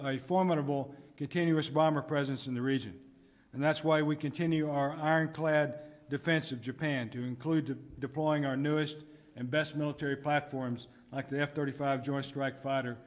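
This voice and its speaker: A middle-aged man, a military commander, delivering a formal prepared speech in a measured, emphatic way. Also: fairly high pitch, steady tone. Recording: echoey conference hall.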